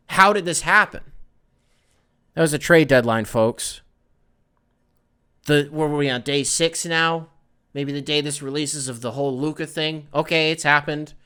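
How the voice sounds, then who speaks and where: A man hosting a solo sports podcast, ranting in an animated, exasperated way and swearing freely. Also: fairly high pitch, unhurried, pauses often. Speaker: podcast host.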